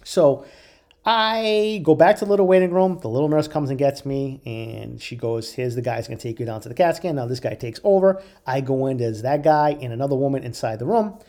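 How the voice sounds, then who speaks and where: A man's voice: medium pitch, a little fast. A man telling a long personal story in a casual, profane way, acting out the people in it. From Italian heritage, US. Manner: profane, animated, quotes others in voices.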